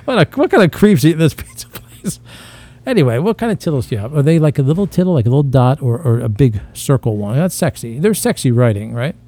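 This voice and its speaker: Male podcast co-host, dark mellow tone, boastful and rambling, crude self-mocking humor. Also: mid-range voice, big pitch swings, fast. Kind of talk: casual crude comedic banter.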